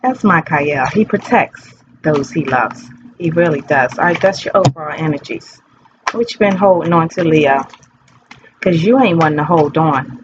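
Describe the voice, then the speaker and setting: A woman's voice: low voice, animated, normal speed, highs cut off, noisy background. Chatty rambling woman tarot reader. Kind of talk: casual tarot reading vlog.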